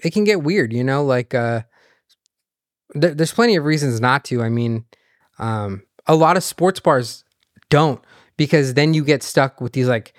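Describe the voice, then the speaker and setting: A man's voice: medium pitch, lively intonation, unhurried, no room sound, clean studio sound. A man guesting on a podcast as a restaurant owner, talking loosely and profanely, often joking about himself. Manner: loose, profane, self-deprecating. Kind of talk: casual chat.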